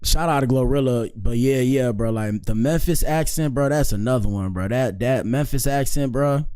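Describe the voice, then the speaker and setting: A man with a smooth, slightly mellow mid-range voice hosts a casual live-stream commentary show at a moderate pace. He's laid-back and slangy, constantly dropping "bro" and "dog."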